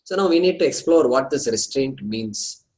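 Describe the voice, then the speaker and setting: A man teaching a scripture study class, explaining terms slowly and repeating them, with some hesitant pauses as he talks to his students. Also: medium pitch, expressive, a little mellow, poor audio.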